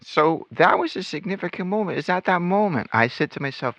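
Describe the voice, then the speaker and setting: Male host, personal testimony, gravelly lively delivery, dry dull sound. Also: sits high, fairly quick, hardly any pauses, no room sound. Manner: animated storytelling, acts out quotes. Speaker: ex-Witness channel host.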